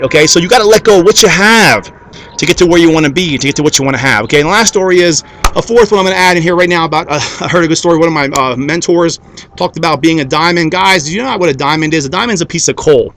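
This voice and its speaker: A man's voice: on the high side, fast, a bit bright, a little hiss or hum. A man giving a motivational talk to an audience, preachy and repetitive, forever checking in with "okay?" and "guys" as he stacks up parallel phrases. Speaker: motivational speaker.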